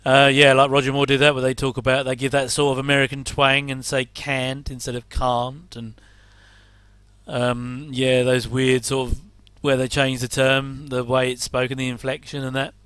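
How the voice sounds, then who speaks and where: English man, middle-aged, rambling casual commentary, bright, crisp, dry close sound. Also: medium pitch, level tone, normal speed, no echo. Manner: rambling, chatty, self-deprecating asides. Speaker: host.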